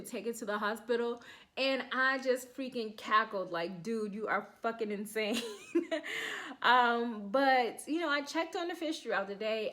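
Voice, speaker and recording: Host: woman in her thirties, relaxed anecdotal delivery, acts out dialogue with laughs. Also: fairly high pitch. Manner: chatty, laughing, acts out quotes. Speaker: podcast host. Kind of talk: casual storytelling.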